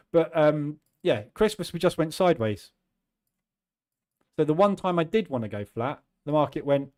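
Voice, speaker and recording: A man in his fifties hosting a trading channel, talking in a chatty, self-deprecating way and acting out his own quick asides. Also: on the high side, a little mellow. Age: 50s. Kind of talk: casual chat.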